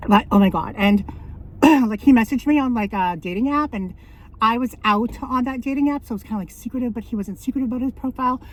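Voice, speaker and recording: A vlogger in her thirties rambles through casual, chatty stories, often correcting herself and laughing. She sounds out of breath, talking fast in a higher-pitched voice.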